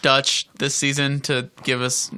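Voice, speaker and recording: A man's voice: mid-range voice, monotone, unhurried, sharp tone, clean tone. A man co-hosting a casual podcast chat with laid-back wisecracks. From Georgia, USA. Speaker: podcast co-host.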